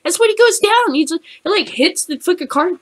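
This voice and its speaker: Over slight background noise, a very high, animated female voice delivers an angry rant on a cannabis news show. The host is American, curses constantly, and talks in fast bursts.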